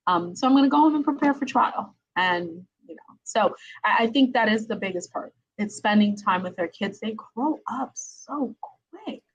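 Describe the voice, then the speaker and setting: Chatty husky-voiced woman hosting. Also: medium pitch, moderate pace, few pauses, lo-fi sound. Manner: chatty, laughs often, many "um"s and "right?"s. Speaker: podcast host, attorney. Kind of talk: live-streamed casual interview.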